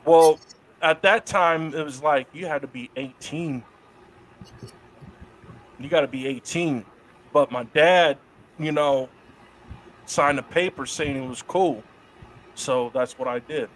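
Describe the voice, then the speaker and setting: A middle-aged man telling wrestling stories in a casual interview, profane and lively. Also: fairly high pitch, slow, pauses often. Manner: profane, animated storyteller doing voices of others in quotes. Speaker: guest, wrestler.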